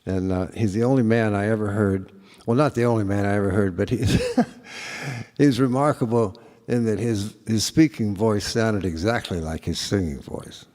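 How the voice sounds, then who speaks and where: A man's voice: lowish voice, moderate pace, darkish tone. A middle-aged man, a singer-songwriter, telling a rambling, chuckling story between songs in a concert hall. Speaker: singer-songwriter performing live. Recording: live concert with guitar.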